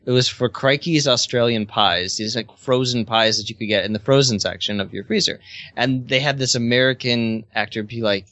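A man chatting as a podcast guest, animated and opinionated. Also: medium pitch, fairly quick, no echo. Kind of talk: casual chat.

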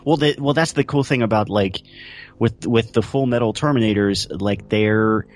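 A man co-hosting a casual podcast chat, rambling with lots of fillers and getting animated when quoting scenes. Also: on the low side, normal speed, faint music behind. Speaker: podcast co-host. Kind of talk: casual chat about a TV episode.

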